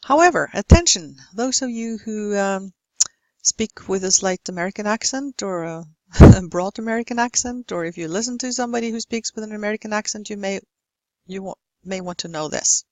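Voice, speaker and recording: A woman with a Norwegian accent giving a pronunciation lesson, saying example words slowly and carefully. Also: mid-range voice, a little mellow, dry recording. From Norway. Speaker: English pronunciation teacher.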